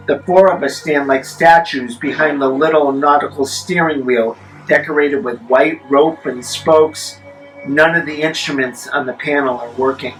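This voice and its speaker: A man telling a spooky story in the first person, measured, with wry deadpan asides. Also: mid-range voice, poor audio.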